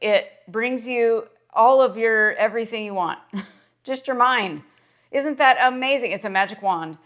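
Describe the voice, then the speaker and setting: A licensed clinical social worker and mindset vlogger speaks straight to camera in a self-made motivational video. Her voice is a little high and a bit bright, and she's unhurried. She talks earnestly and with emphasis, repeating phrases to drive each point home.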